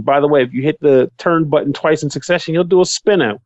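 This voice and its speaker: A man chatting as a podcast guest, jokey, acting out his own thoughts in quick bursts. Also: on the high side, no echo, muffled recording. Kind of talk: casual chat.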